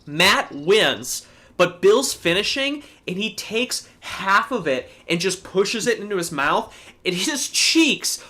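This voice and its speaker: A man co-hosting a casual livestream, telling a story in an animated way and swearing freely. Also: sits high, slow. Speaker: co-host.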